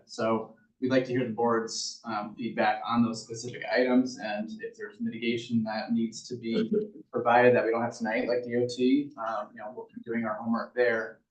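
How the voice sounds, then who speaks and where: A man representing an applicant before a town board, hesitant with frequent pauses and ums. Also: mid-range voice. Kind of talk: presenting at a public meeting. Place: municipal meeting room. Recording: echoey room, voice far from mic.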